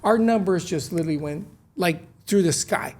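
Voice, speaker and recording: A man telling stories as an interview guest, lively and acting out the dialogue he recalls. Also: high voice, moderate pace. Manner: lively, acts out quoted dialogue. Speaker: guest, restaurant co-founder. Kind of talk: animated storytelling in conversation.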